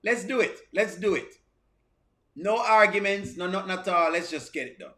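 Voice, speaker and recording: High, bright-voiced man hosting a reaction stream. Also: normal speed. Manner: repetitive, stammering restarts. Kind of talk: live reaction commentary, reading viewer comments.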